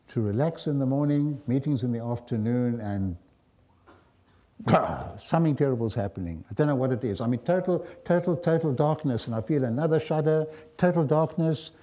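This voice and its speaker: Older South African man, mellow voice. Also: mid-range voice. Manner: reflective, wry, pausing often. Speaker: guest lecturer. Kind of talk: storytelling lecture.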